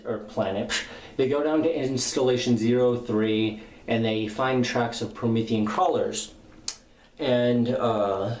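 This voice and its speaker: A man's voice: on the low side, a little mellow, slight background noise. A young man giving a casual, rambling spoken review of a comic book, retelling the dialogue in slangy paraphrase with lots of fillers. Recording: echoey room with faint ambience.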